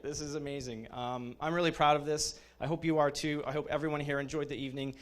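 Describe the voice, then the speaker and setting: A man in his thirties, the program head, speaks informally at a graduation, halting with lots of fillers and restarts and openly emotional about his students. He has a medium pitch, a bit bright, with little pitch movement.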